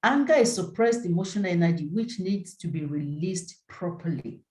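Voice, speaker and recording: A woman's voice: lowish voice, expressive, normal speed, mellow, roomy sound, poor audio. A woman presenting a relationship seminar in a live teaching talk, earnest and peppered with "you know".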